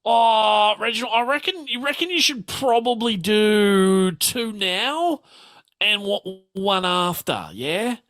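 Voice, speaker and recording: A fussy older wife with an Australian accent, wheedling and coaxing, her voice pitched high above a man's usual range and bright. She repeats her husband's name over and over as she sweet-talks him, as a man puts her on. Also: animated, takes it slowly, full character voice.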